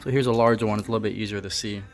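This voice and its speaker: Man, fairly low voice, casual car vlog, offhand, faint background music. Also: fairly even intonation, very fast. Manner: casual, offhand, thinks aloud with fillers. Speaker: car project vlogger.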